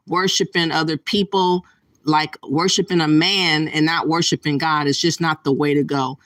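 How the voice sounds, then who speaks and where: A man's voice: on the high side, fairly bright tone, no echo. A man giving casual commentary, earnest and emphatic with some hesitations. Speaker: commentary co-host.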